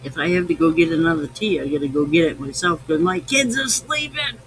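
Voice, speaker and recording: A man's voice: a little high, animated, fairly quick, a bit bright, a little hiss or hum, poor audio. A tipsy man hosting a live podcast, rambling, swearing freely and affectionate. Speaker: podcast host. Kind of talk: casual live-stream chat.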